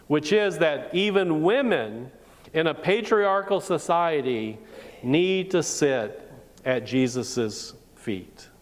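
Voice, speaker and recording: Slow, deliberate woman preaching in a hall. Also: sits low. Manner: deliberate, rhetorical questioning. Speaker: pastor. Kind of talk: sermon. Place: church sanctuary. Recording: long reverb of a church hall.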